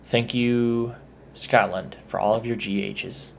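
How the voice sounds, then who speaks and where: A man's voice: medium pitch, fairly even intonation, takes it slowly, vocal fry, a little hiss or hum. A man with a Texan accent, chatting casually in a vlog and correcting himself as he goes. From Texas. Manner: chatty, self-correcting, spells words out letter by letter. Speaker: vlogger. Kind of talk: casual accent tag video.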